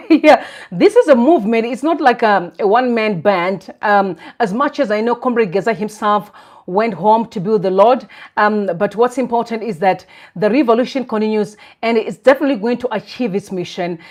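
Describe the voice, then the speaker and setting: A woman from Zimbabwe, hosting a live stream and talking in an earnest, reflective way with soft laughs. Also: on the high side. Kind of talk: casual live-stream talk.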